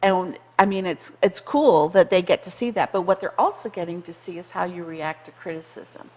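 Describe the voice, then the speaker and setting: A woman in her sixties or older from Canada, a conference co-founder telling stories in an animated TV interview and acting out quoted voices. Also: on the low side, moderate pace, in a large hall. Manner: lively, acts out quoted voices, laughs often. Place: community TV studio.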